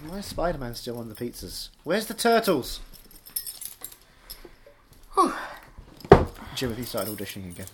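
A man's voice: medium pitch, big pitch swings, moderate pace, long pauses, slight background noise. A man hosting a podcast, chatting casually and playfully with a co-host. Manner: joking, playful banter. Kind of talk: casual chat.

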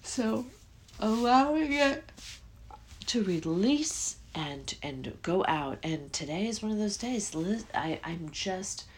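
Low-pitched woman rambling on her podcast, yawny, little bit of background hiss. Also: lively intonation, slow, few pauses, darkish tone. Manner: rambling, self-interrupting, yawning often. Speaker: podcast host. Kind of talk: casual spiritual podcast monologue.

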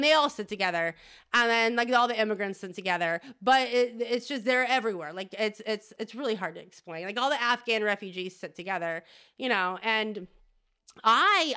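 Rambling bright-voiced woman comedian. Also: on the high side, clean tone. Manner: rambling, crude, keeps adding "okay?". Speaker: podcast host. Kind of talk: comedic monologue.

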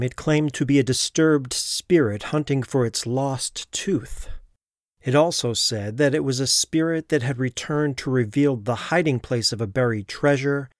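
A man tells a ghost story in a measured, steady narration at a middling pitch. His voice sits close and dry, with no room sound at all. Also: no echo.

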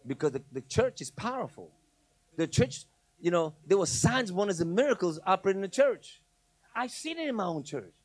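Middle-aged guy preaching, tells stories, quiet bits then gets loud, kinda high voice. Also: big pitch swings, a little fast, slightly rough, dry recording. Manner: storytelling, swings from quiet asides to loud preaching. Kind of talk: sermon.

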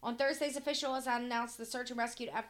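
A woman's voice: on the high side, fairly even intonation, fast. A woman co-hosting a casual podcast, reading news stories aloud with small stumbles and casual swearing. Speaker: podcast co-host.

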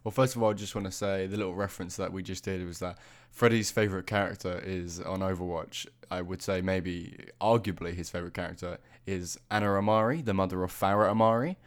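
Young british guy, deep voice, rambly casual podcast talk. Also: fairly even intonation, brisk, hardly any pauses. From Britain. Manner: rambling, hesitant, easily amused. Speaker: podcast co-host. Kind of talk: casual chat.

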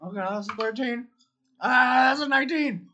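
Chatty, laughing tabletop player; mid-pitched, casual. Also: normal speed, sharp tone, muffled recording. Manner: giggly, narrates actions and asks rules questions.

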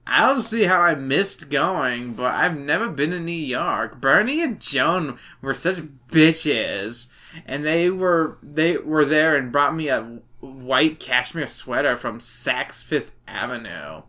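A man's voice: on the high side, animated, takes it slowly, pushed and bright, full character voice. A drunk man voicing a spoiled preteen girl reading her snooty letter aloud, slurring his words with a lisp. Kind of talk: comic book reading.

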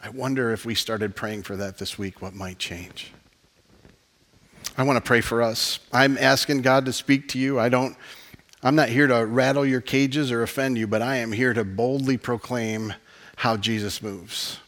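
A man's voice: mid-range voice, fairly even intonation, normal speed. Male pastor, mid-range voice, earnest impassioned sermon delivery with a closing prayer. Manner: earnest, impassioned preaching with soft laughs.

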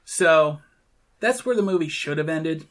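A man co-hosting a casual talk show, retelling film scenes and quoting lines in quick bursts. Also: a little high, lively intonation. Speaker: podcast co-host. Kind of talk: casual chat recapping a film.

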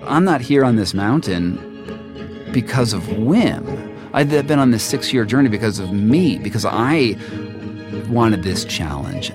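A man telling his own story in the first person, halting and full of restarts and repeats. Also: mid-range voice, animated, music in the background. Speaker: storyteller guest.

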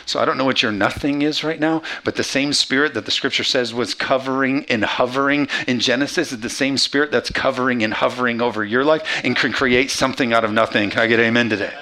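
A man pastor delivering an animated sermon, acting out Bible scenes in quick bits of dialogue. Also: medium pitch.

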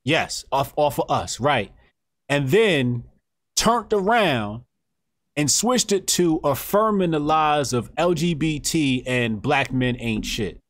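A man in casual podcast talk, making measured arguments. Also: fairly high pitch, animated, fairly bright tone, dry recording, clean studio sound.

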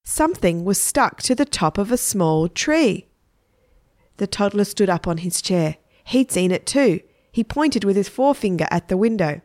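A woman narrating a children's story in a plain, even manner. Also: medium pitch, moderate pace, no echo, studio quality.

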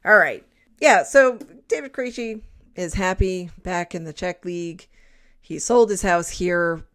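A woman's voice: on the low side, a little slow, smooth. Chatty woman in her forties. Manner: chatty, animated, laughing asides. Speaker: podcast co-host. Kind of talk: casual chat.

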